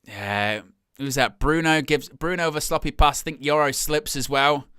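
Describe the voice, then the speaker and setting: A young man hosting a live fan commentary of a match, talking casually and jumping from quiet asides to loud excited shouts. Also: on the high side, normal speed, clear, resonant tone, no room sound, studio quality. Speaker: fan watch-along host.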